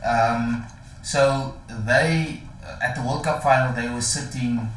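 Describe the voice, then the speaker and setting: A man's voice: mid-range voice, fairly even intonation, slow pace, fairly bright tone, echoey room, low-quality recording. A man co-hosting a casual sport podcast, telling rambling stories with lots of fillers. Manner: rambling storyteller, many fillers. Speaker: podcast co-host.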